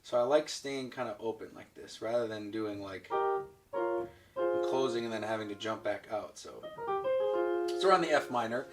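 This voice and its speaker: A man's voice: on the low side, moderate pace, pauses often. A man teaching an online piano lesson, patiently counting beats aloud as he demonstrates at the keyboard. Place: room with a piano. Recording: recorded from a distance with piano playing.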